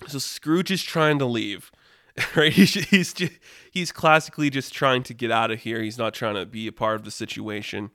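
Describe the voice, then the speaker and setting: Casual man storytelling, smooth voice, rambling, dry close mic. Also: medium pitch, normal speed, no echo. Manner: rambling, animated, many "like" fillers.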